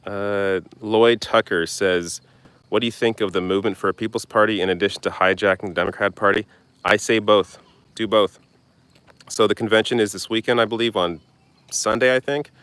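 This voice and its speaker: A young man with a deep, low-pitched voice reads viewer comments aloud and answers them on a live stream. He talks bluntly and casually, tossing in the odd swear. He's recording outdoors. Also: steady tone, moderate pace, fairly bright tone, smooth, no room sound. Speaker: political commentary host. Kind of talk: live stream Q&A reading chat.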